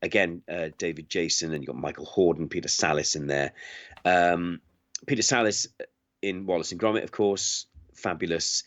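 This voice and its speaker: A man's voice: deep voice, steady tone, normal speed, fairly bright tone, no room sound. A male voice actor chatting as a guest in a casual conversation, rambling and self-deprecating. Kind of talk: casual chat. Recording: slightly dull, lo-fi audio.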